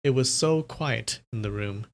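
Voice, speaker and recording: A streamer reads a translated wuxia novel aloud on a live stream, moving into loose, playful chat with viewers between passages. The delivery is casual and unpolished, with a mid-range pitch. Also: measured pace. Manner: casual, playful, chatty asides.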